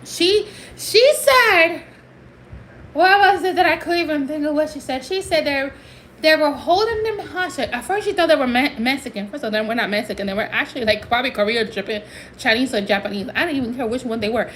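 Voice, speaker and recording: A woman's voice: sits high, animated, quick pace, a bit bright, slight background noise, low-quality recording. A woman from Puerto Rico ranting emphatically in a casual livestream, switching between English and Spanish.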